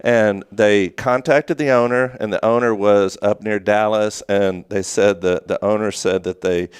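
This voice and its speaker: A man's voice: lowish voice, steady tone, unhurried, clean tone, no echo, studio quality. A man co-hosting a local morning show, telling a long story in a rambling, casual way with many restarts. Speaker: co-host. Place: small studio.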